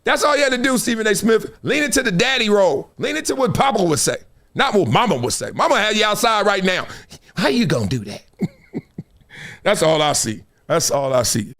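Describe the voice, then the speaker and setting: Animated high-voiced man talking sports. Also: moderate pace. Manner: emphatic, slangy, storytelling. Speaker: sports talk show host. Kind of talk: animated sports commentary chat.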